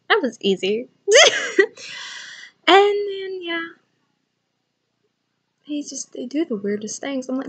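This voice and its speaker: A woman's voice: a little high, brisk, pauses often. A young woman chatting casually on her own vlog, rambling through funny stories about kids and laughing as she goes. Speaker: channel owner.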